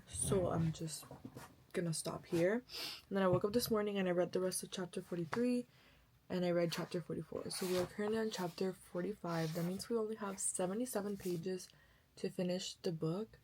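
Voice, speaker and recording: A woman's voice: lowish voice, steady tone, fairly quick, a little mellow, slight background noise, rough recording. A young woman chatting casually to camera about books she bought and is reading, rambling and correcting herself often, tired. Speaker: book vlogger.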